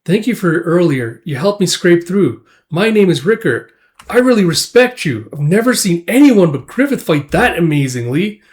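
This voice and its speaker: A man's voice: sits high, big pitch swings, normal speed, pitched above the performer's own voice. Man doing an eager young mercenary boy. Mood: admiring. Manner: earnest and polite.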